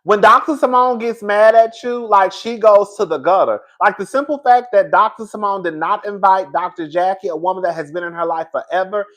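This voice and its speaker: A man with a high, bright-edged voice talks through a live stream in a sassy, animated way. He keeps calling his viewers "girl," laughs a lot and swears without a second thought. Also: brisk, few pauses. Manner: laughs often, swears freely. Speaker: reality TV show reviewer. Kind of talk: live-stream commentary, reading chat.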